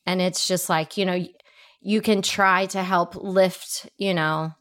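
A woman hosting a casual podcast chat, relaxed and conversational, asking follow-up questions. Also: on the low side, a little slow.

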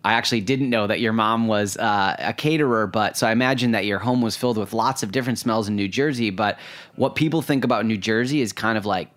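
A man hosting an interview, asking measured, long-winded questions. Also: on the low side, fairly bright tone. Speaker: podcast interviewer.

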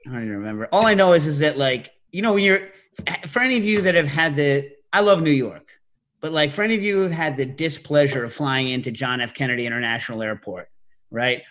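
A middle-aged man hosting a podcast, telling stories in a casual, animated way and breaking into loud shouted impressions. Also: fairly high pitch, fast. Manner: animated storytelling, mimics loud New York shouts. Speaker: podcast host. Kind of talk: casual chat.

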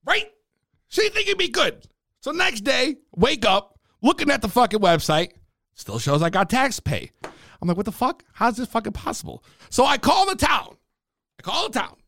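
A man telling a profane, animated rant about buying a car, in casual storytime style. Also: sits high, creaky, dry recording, clean studio sound. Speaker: vlogger.

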